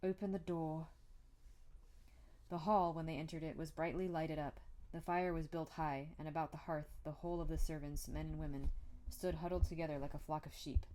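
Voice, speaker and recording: A woman's voice: sits low, fairly even intonation, brisk, hardly any pauses, dark tone. A woman reading a classic novel aloud in a plain amateur style, now and then restarting a word. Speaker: audiobook reader.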